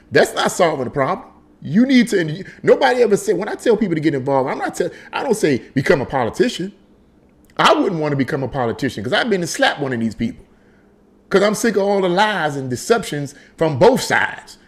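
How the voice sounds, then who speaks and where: A man hosting a casual political commentary monologue, emphatic and conversational, repeating his points as he tells a story. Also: on the high side. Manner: animated storytelling with frequent repetition. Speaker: political commentary channel host.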